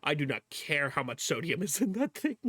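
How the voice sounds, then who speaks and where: This streamer's voice is a little high, very animated and brisk, with a sharp, slightly rough tone. The sound is clean studio audio with no room sound. He chats casually with viewers during a video reaction, laughing often, swearing freely and exclaiming at the footage.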